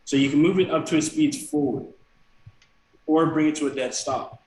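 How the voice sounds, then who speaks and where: A man's voice: on the high side, normal speed, a little mellow, reverberant, rough recording. A man running a tabletop game as game master, walking players through actions step by step.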